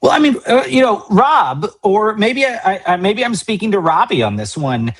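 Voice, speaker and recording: Brief: male talk show host, husky voice, animated intonation, playful questioning. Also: high voice, normal speed. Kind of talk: interview hosting.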